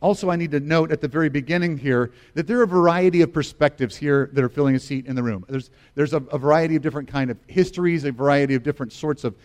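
Earnest pastor preaching in a reverberant hall. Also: male voice, fairly high pitch, fast talker, hardly any pauses, a little mellow. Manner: conversational and earnest, with frequent restarts. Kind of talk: sermon. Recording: long reverb of a large hall.

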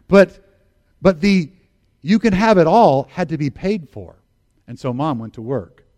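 A man's voice: a little high, sing-song, a little slow, long pauses, warm tone. A middle-aged American man preaching a sermon as pastor, earnest and emphatic, repeating phrases for stress.

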